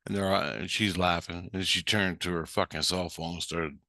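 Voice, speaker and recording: Low-voiced guy ranting a story, cussing nonstop, bright edge, dry sound. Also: steady tone, normal speed, dry recording. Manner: profane, heated and blunt. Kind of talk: casual storytelling.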